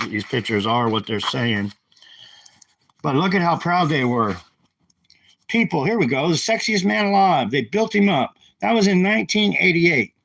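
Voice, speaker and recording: A live streamer rants angrily into a handheld phone, agitated and repeating himself. His mid-range voice has vocal fry and a fairly bright tone. There's no echo, but the audio is poor.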